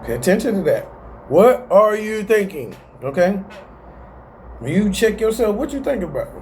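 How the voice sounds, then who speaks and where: A man's voice: high-pitched, very animated, normal speed, a little mellow, slight background noise. A man hosting a casual self-help video, talking animatedly in slang and often laughing at himself. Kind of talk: casual motivational talk to camera.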